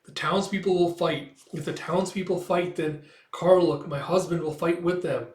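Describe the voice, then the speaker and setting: A man voicing a calm, resolute young wife who speaks firmly and steadily. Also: a little high, moderate pace, voice pushed up, natural voice. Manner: steady, firm. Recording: roomy echo.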